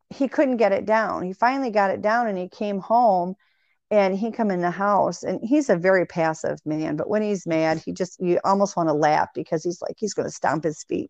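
A woman in casual conversation, telling long animated anecdotes full of quoted dialogue. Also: lowish voice, dry recording. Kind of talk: casual storytelling chat. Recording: dry, dull lo-fi sound.

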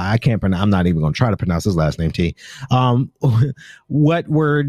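A man's voice: mid-range voice, a little mellow, no echo. American male podcast host, mid-range voice, loose rambling delivery full of restarts, dry close recording. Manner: rambling, stumbles and corrects himself often. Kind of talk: casual tech news commentary.

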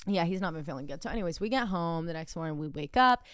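A woman's voice: on the low side, fast, clear, resonant tone, no echo, studio quality. A woman podcast host in casual chat, telling a story with lots of swearing. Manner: profane, animated storytelling.

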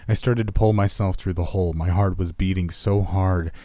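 A man reading a first-person horror story aloud in a low, steady, grim manner. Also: normal speed, dry recording.

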